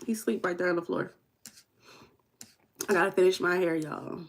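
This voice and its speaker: This livestream host, a chatty woman from the American Midwest, sits in a room at home reading the chat aloud and teasing viewers by name. Her voice is lowish, with fairly even intonation and a moderate pace.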